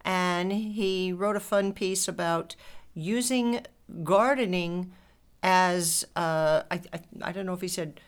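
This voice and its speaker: A woman with a somewhat low voice co-hosts a relaxed gardening chat. She explains things plainly and laughs easily. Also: slow, smooth. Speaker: co-host, urban farmer. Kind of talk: casual radio chat on gardening.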